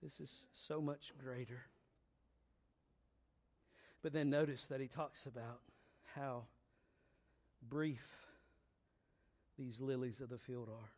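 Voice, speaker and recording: A male preacher delivering a sermon, moving between quiet, low reflection and loud, emphatic exhortation, with slow, deliberate repeated phrases. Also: steady tone.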